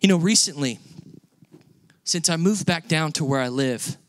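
A man's voice: fairly high pitch, moderate pace, no echo. A male pastor preaching a sermon, telling a personal story in a conversational way and building to emphatic peaks. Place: church sanctuary.

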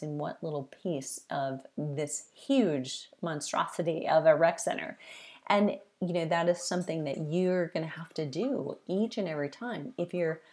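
Lower-voiced woman coaching fitness trainers. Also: darkish tone. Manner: conversational, with frequent "you know" and list-like repetition. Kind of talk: advice talk to fitness trainers.

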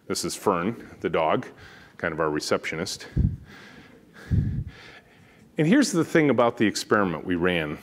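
A man with a deep, booming, low-pitched voice gives a conference keynote. He tells stories in an animated way, acting out the dialogue as he goes. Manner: animated, storytelling, acts out dialogue. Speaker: keynote speaker and company founder. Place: conference stage.

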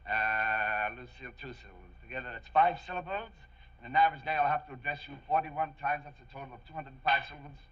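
An actor playing a brash, bald, middle-aged efficiency expert in a 1960s sitcom, firing off repeated commands. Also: male voice, medium pitch, close to an everyday voice. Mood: brisk. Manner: rapid-fire repeated commands. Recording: dull 1960s TV soundtrack.

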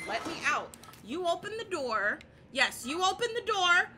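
A young woman playing a horror game and commentating, panicking, repeating herself and shouting at the game. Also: extremely high pitch, big pitch swings, moderate pace, few pauses, music in the background. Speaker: gaming YouTuber.

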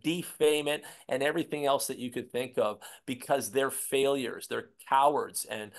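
A man from Canada co-hosting an online commentary show, talking in a combative, repetitive, ranting way. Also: medium pitch. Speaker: co-host.

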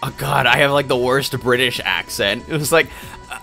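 A young man live-streams games, answering viewer questions in casual, meandering chatter that stumbles with fillers and restarts. His mid-range voice is creaky, pushed and bright, moving at a moderate pace. Game music plays faintly behind.

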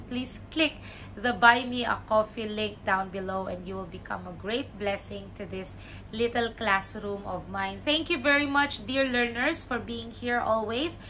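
Slow, bright-voiced woman teacher. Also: a little high, a little hiss or hum. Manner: repeats words, stressing syllables clearly. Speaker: language teacher. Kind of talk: slow, deliberate pronunciation lesson.

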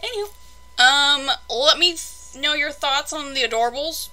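A woman's voice: high-pitched, normal speed, long pauses, bright, forceful tone, a little hiss or hum, rough recording. A young woman chatting casually through a toy unboxing, rambling and exasperated in her asides.

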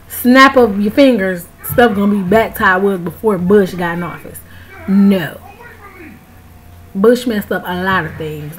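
Talking directly to her viewers, a US vlogger in her early twenties delivers an emphatic, outraged casual rant in a mid-range voice. The low-quality recording has a little hiss or hum.

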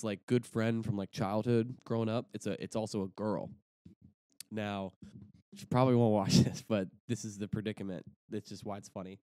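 A man's voice: lowish voice, mellow, clean tone, dry recording, studio quality. A young man in his twenties, co-hosting a podcast, rambling through a story with restarts and casual swearing. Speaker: podcast co-host.

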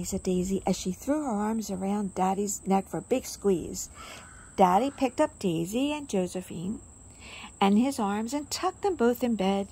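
A woman reads a children's picture book aloud at a slow, unhurried pace. Her voice is husky and gravelly, with a somewhat high pitch. She adds gentle, chatty asides to the children listening. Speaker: storyteller reading to children.

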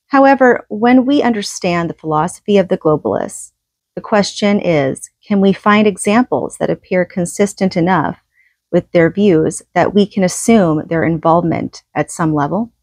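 A woman reading a nonfiction book aloud, steady and measured, with an occasional casual aside. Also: lowish voice, no echo. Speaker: audiobook reader.

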